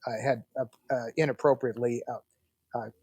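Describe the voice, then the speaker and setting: A man's voice: mid-range voice, moderate pace, slightly rough, no echo. A man in his sixties, a podcast guest who tells family stories and acts out the dialogue. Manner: animated storyteller, acts out quoted dialogue. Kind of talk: storytelling interview.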